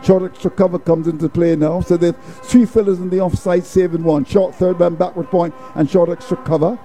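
Dark-voiced male cricket commentator. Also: high-pitched, a little fast, faint music behind. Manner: folksy, proverb-quoting, steady play-by-play. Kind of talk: ball-by-ball commentary.

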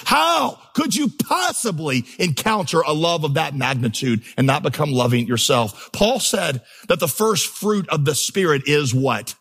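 Impassioned male pastor, fairly high voice. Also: animated, a little slow, hardly any pauses, a bit bright, slightly rough. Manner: impassioned, builds to emphatic crescendos; storytelling, humorous asides. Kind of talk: sermon.

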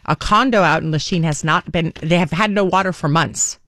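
A woman's voice: fairly low pitch, a little fast, no echo. Chatty radio host woman. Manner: chatty, warm storytelling with many restarts and fillers. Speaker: radio morning show host. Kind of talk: casual talk radio monologue. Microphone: studio microphone. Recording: dry studio sound.

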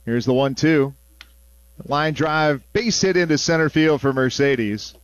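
A male play-by-play announcer on a baseball radio broadcast, his voice sitting slightly high. The sound is close and dry, straight into a booth microphone. He shifts easily between calling pitches and relaxed, chatty asides. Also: a little slow, smooth, no echo, highs cut off.

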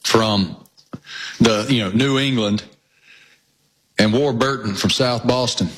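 A man's voice: mid-range voice, slow pace, breathy edge, rough recording. A man from the Southern US co-hosting a sports radio show, joking and enthusiastic, teasing himself about retelling stories. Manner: enthusiastic, joking and self-deprecating. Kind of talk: casual chat.

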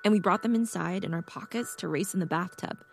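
A woman voicing an anxious, apologetic young woman who speaks in a halting, hesitant way. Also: on the low side, gravelly, soft background music. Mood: soft.

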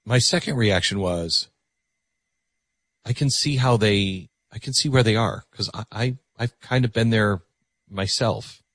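A man's voice: on the low side, measured pace, fairly bright tone, no room sound, clean studio sound. A man hosting a call-in radio show, taking callers in an earnest, reflective way with frequent stammered restarts. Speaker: radio talk show host.

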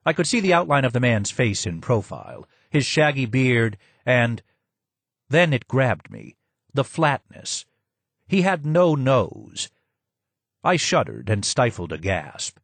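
A man reading a first-person memoir as an audiobook, in steady, measured storytelling. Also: medium pitch, husky, no echo. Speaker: audiobook narrator. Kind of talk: scripted first-person narration.

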